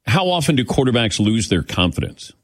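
A man's voice: medium pitch, very animated, fairly quick. A man hosting an interview, asking teasing, joking questions. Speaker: host. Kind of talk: casual interview chat.

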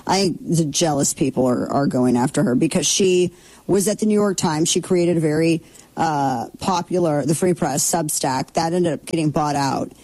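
A middle-aged woman riffs through casual commentary with a sarcastic, opinionated edge. Her voice sits a little low and sounds mellow rather than bright. She throws in mocking asides as she talks. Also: normal speed, rough recording. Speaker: commentary show host.

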